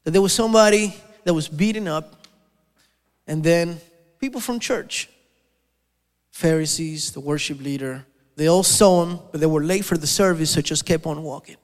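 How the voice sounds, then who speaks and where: A man gives a sermon in a large church hall, telling a story in a fairly high voice. He stumbles and restarts often, repeating words as he goes. The long reverb of the hall hangs behind every phrase. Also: moderate pace. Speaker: preacher.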